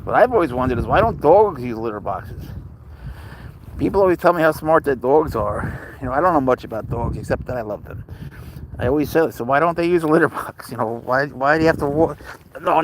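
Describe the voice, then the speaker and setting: Man, live-stream host, mid-range voice; loose, deadpan joking ramble, outdoors at night on a phone mic, light background hiss. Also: medium pitch, a little fast. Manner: rambling, joking, talks softly to his cat and reads chat. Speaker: livestream host. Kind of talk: casual live-stream chat.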